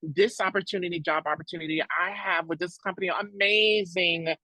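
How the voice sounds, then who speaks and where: A woman talking warmly and emotionally as a podcast guest, close to tears, her voice leaping high when she imitates others. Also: fairly even intonation, moderate pace, no room sound, poor audio. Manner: effusive, tearful at times, big pitch leaps when quoting others. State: near tears. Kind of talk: emotional casual chat.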